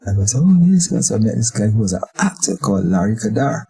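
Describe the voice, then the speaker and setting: An older Barbadian man tells stories as an interview guest, and his voice is low and gravelly with a rough, raspy edge. He jumps into the voices of the people he describes, so his delivery is lively. The tone sits dark and mellow. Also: quick pace, soft background music, rough recording. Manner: animated, acts out voices in his anecdotes. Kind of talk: storytelling chat.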